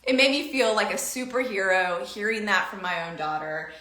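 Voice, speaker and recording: A middle-aged woman host telling a family story in a casual, animated way, acting out quoted dialogue. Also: moderate pace. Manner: animated, acts out quoted dialogue with big pitch jumps. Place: home room. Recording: echoey room.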